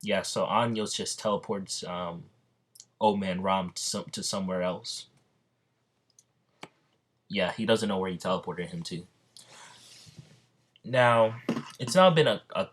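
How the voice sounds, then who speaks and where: Man, low voice, casual storytelling, rambling, lots of ums and restarts. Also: a bit bright. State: slightly out of breath. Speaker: fan narrating an imagined crossover story.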